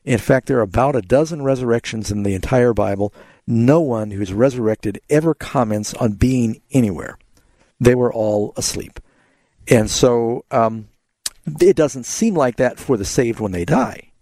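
A man's voice: mid-range voice, normal speed, warm tone, dry recording. A man hosting a call-in radio show, earnestly explaining Bible passages to callers. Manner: earnest, explanatory, quotes scripture. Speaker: radio Bible talk host.

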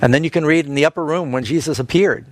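A man preaching a Bible lesson, telling a scripture story and quoting verses, lifting his pitch for emphasis. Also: quick pace.

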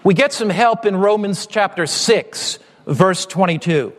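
A man preaching a sermon with impassioned appeals, often rising to shouting. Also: high voice, measured pace, big-room sound.

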